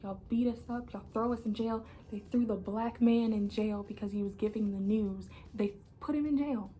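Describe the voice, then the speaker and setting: A young woman gives an impassioned personal monologue, angry and emphatic, repeating herself and often dropping to an intense hush. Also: medium pitch, moderate pace, a little hiss or hum. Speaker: channel host.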